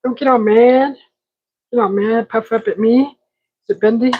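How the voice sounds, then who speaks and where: A woman's voice: on the high side, moderate pace, pauses often, lo-fi sound, background noise. A woman hosting a live cooking stream from her home kitchen, chatting casually and talking to the food as she works. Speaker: cooking show host.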